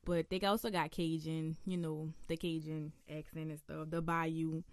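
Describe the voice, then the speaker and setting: A young adult woman with a New Orleans accent, answering interview questions in a relaxed, casual way with local slang and frequent laughs. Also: low voice, moderate pace, clean tone, no echo, clean studio sound. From New Orleans, USA. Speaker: interview guest.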